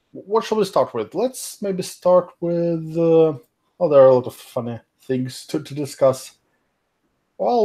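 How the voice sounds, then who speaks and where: A man's voice: on the high side, mellow. A man hosting a casual online chat stream, rambling with many fillers and restarts and laughing often. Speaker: stream host.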